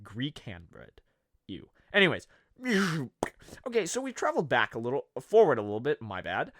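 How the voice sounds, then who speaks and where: A man's voice: mid-range voice, huge pitch swings, moderate pace, fairly bright tone, dry recording, studio quality. A man narrating a comedy history video in a sarcastic, jokey way, wandering off into rambling asides. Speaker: video host.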